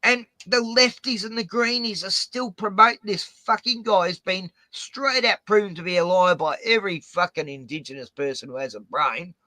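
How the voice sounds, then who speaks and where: This Australian man talks in a bright, tense voice that sits a little high for a man. He tells rambling, profane stories with lots of swearing and animated outbursts. The recording is dry and close. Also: normal speed, hardly any pauses, no echo. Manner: swears heavily, animated rants. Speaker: host. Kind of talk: profane casual storytelling.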